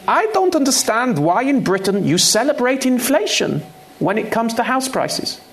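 A man's voice: extremely high pitch, sing-song, normal speed, pitched above the performer's own voice, heavily acted. A man putting on a German economist's accent. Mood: puzzled. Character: German male economist, puzzled and matter-of-fact.

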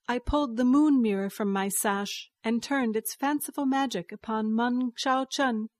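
Woman narrator, higher voice, unhurried, dry studio read. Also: dry recording. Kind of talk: scripted story narration.

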